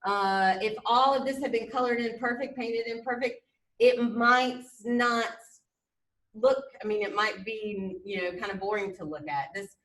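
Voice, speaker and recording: A woman art teacher lecturing over slides in a chatty way, full of fillers and restarts, raising her pitch to stress key words. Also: steady tone, measured pace, fairly bright tone, distant mic. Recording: echoey room, voice off-mic.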